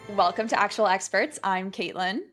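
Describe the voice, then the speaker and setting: A young woman co-hosting a podcast in casual chat, excitable and animated, with lots of "like" fillers. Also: medium pitch, normal speed, soft background music. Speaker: podcast co-host.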